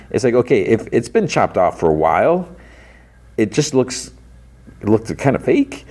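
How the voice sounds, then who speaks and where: A man's voice: fairly low pitch, sing-song, moderate pace, a little mellow. A man hosting a podcast, retelling an episode in a casual, rambling way full of "like" and restarts. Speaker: podcast host.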